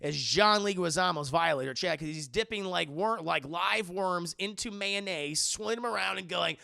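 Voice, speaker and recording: A man's voice: high-pitched, moderate pace, creaky, pushed and bright. A man streaming a casual film recap, talking in a profane, rambling way.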